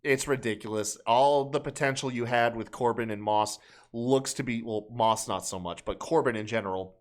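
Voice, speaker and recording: A man's voice: medium pitch, normal speed. A man co-hosting a wrestling podcast, talking casually with loose, profane, sarcastic remarks. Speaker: podcast co-host.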